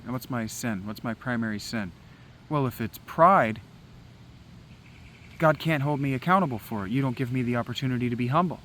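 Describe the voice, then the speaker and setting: A man's voice: mid-range voice, a bit bright, a little hiss or hum, rough recording. A man outdoors in the woods, giving a rambling spoken meditation in an agitated, preachy way and swearing often. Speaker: vlogger.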